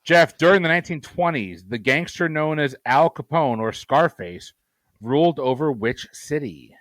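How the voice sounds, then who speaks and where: A man's voice: on the high side, animated, normal speed, a bit bright, no room sound. A man hosting a trivia game, reading questions and teasing the players with dry humor. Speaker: trivia quizmaster.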